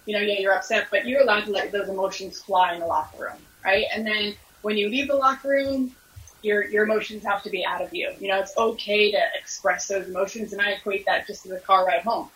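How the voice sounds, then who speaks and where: A woman's voice: mid-range voice, steady tone, a little fast, fairly bright tone, low-quality recording. A woman talking earnestly in a podcast discussion, explaining how to handle emotions in sport.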